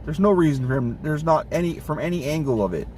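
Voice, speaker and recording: A man's voice: a little high, expressive, fast talker, a little mellow, recorded from a distance, slight background noise. A man venting in a casual monologue, swearing often and getting exasperated. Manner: profane, exasperated ranting.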